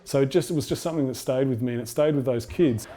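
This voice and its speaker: A man's voice: medium pitch, fast talker. A man from Australia, a former teacher, speaking reflectively in a documentary interview. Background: soft guitar music.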